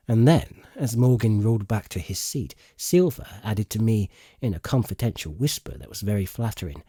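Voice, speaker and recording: A man narrating an audiobook in slow, expressive storytelling. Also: fairly low pitch, husky, no room sound, clean studio sound. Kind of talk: scripted narration.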